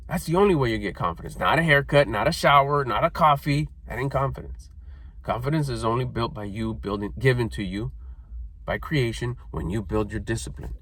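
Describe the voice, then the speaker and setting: A man's voice: medium pitch, lively intonation, brisk, a bit bright. A middle-aged man giving a blunt, profane motivational talk, scolding listeners and mocking their excuses in whiny put-on voices. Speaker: motivational speaker.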